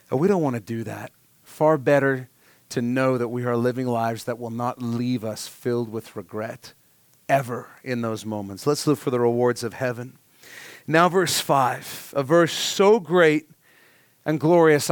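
A man's voice: mid-range voice, smooth, no room sound. Earnest man preaching in a dry room. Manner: earnest, heartfelt storytelling with sudden soft drops. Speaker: pastor. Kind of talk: sermon.

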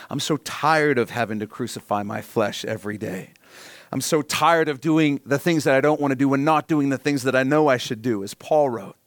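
Pastor preaching with soft and loud swings. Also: male voice, medium pitch, dry recording, clean studio sound. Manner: swings between soft quiet reading and loud emphatic bursts; reads scripture aloud and repeats key points for note-taking. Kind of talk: sermon.

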